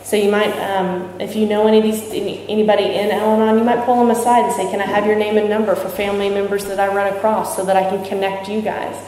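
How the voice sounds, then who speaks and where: Lady cracking jokes at a big convention, mellow voice, booming hall echo. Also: flat delivery, fast, hardly any pauses, a little hiss or hum. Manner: candid, joking, asks the audience questions. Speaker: speaker sharing recovery experience. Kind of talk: talk at a recovery convention. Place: large hall with audience. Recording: echoey hall from far off.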